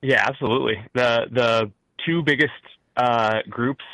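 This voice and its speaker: A young man with a Midwestern accent talks as a caller, stopping and restarting his thoughts with plenty of fillers. His voice sits at a middling pitch. The sound is dry, with no room echo. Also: pushed and bright. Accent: Midwestern American. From rural Midwest. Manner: halting, many fillers and restarts. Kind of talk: call-in talk show conversation.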